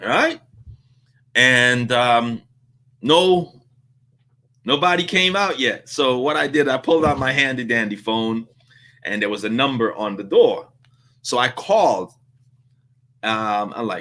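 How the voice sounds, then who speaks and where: A man hosting a business vlog, telling a story in a casual, animated way and acting out the dialogue. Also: medium pitch, a little slow, long pauses. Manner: animated, laughs through his story, acts out dialogue. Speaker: vlog host on business advice.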